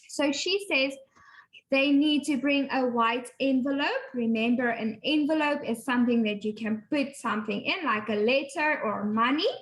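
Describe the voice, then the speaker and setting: A woman's voice: high voice, moderate pace, a bit bright, rough recording. A woman teacher reading a textbook dialogue with pupils, patiently explaining words and repeating phrases. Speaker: English teacher.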